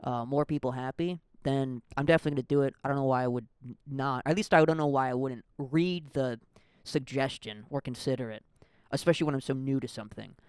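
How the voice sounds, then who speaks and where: A man's voice: medium pitch, fast talker, smooth, dry recording, clean studio sound. A young man from the American Midwest hosting a casual solo podcast, rambling and self-deprecating with lots of fillers. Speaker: podcast host.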